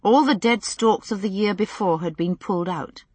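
A woman narrating a novel as an audiobook, in a measured storytelling manner. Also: mid-range voice, darkish tone, breathy edge, no echo. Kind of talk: scripted narration.

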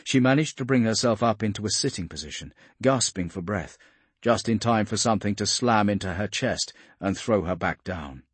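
A man reading an audiobook aloud in a steady, dramatic storytelling manner, recorded close to the mic. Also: fairly low pitch, moderate pace, slightly rough, dry recording. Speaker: audiobook narrator. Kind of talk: scripted audiobook narration.

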